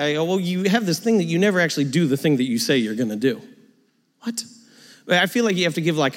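A man's voice: medium pitch, in a large hall. A male pastor preaching in a conversational, self-deprecating way, acting out little dialogues. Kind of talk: sermon.

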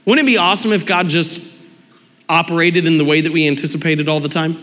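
A man preaching a lively, conversational sermon, talking with his congregation and acting out quoted dialogue. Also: on the high side, a little fast, in a large hall. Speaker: pastor. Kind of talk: lively sermon with audience interaction.

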